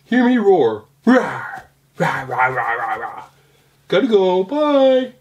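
A man voicing a friendly male dinosaur toy with loud, sing-song greetings. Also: sits high, big pitch swings, takes it slowly, highs cut off, full character voice. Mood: cheery.

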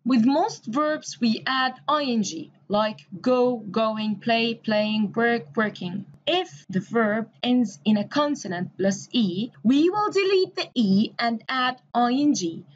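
A woman's voice: a little high, expressive, slow, hardly any pauses, dull audio. A woman from Egypt, an English teacher giving a recorded grammar lesson, explaining step by step and spelling words out letter by letter.

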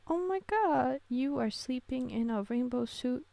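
Young woman gushing over a game, swoopy voice with bits of vocal fry. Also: high voice, a little slow, few pauses, no echo. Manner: gushing, excitable, coos at tiny characters. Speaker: gaming creator. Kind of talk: casual gameplay commentary.

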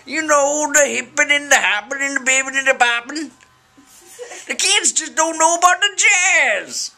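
Man doing a drawling older comic lecturing a child, bright, unhurried. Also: very high-pitched, lively intonation, faint music behind, voice pushed up, exaggerated voice. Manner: drawling, sing-song. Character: rambling older male comedian lecturing a kid. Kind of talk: comic impression.

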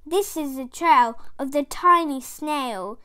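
A woman's voice: sits high, slow pace. A woman reading a rhyming bedtime story aloud, with a lilting, rhythmic delivery. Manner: rhythmic rhyming read-aloud, lively character voices.

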